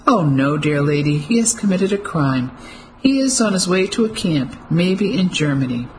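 Reader plays sneering male officer, mid pitch, quiet threat, audiobook. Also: sing-song, moderate pace, slight background noise, natural voice, low-quality recording. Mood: mocking. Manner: mocking, menacing. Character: smug cruel male German officer.

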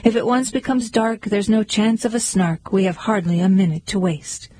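A woman's voice: medium pitch, moderate pace, darkish tone, slightly rough, natural voice. A woman doing an impatient bossy bellman. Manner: impatient, exclaiming. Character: bossy hasty male ship's bellman.

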